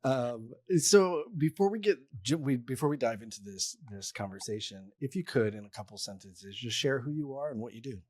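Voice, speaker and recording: A man's voice: mid-range voice, no echo. Casual man hosting, dry close sound. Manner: relaxed, rambling, quick to joke. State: fighting a cold. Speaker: podcast host. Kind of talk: casual interview chat.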